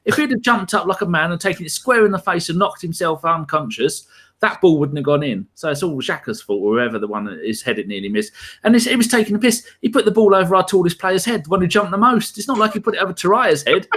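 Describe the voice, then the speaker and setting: A man on a casual podcast, ranting in an animated way with heavy swearing. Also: high-pitched, fast talker, breathy edge. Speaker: podcast co-host.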